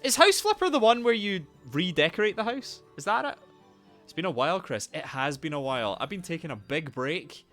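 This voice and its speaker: A young man chats on a live game stream, his pitch leaping wildly up and down as he loudly greets viewers. His voice is bright and sits a little high, with soft music playing behind him. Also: a little fast. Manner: animated, loud greetings to viewers; swears casually, rambles. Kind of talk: casual live-stream chat.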